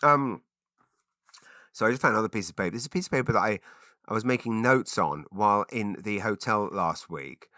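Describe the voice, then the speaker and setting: A man rambles through a solo podcast, making self-mocking asides and restarting his sentences. His voice is bright and forceful, recorded close and dry with no room sound. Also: fairly low pitch, expressive, brisk, no echo. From Britain. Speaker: podcast host. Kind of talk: casual solo podcast monologue.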